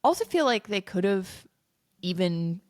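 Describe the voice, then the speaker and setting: A woman's voice: mid-range voice, big pitch swings, a little slow, a little mellow. A young adult woman co-hosting a podcast, reacting and joking in casual chat. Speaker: podcast co-host.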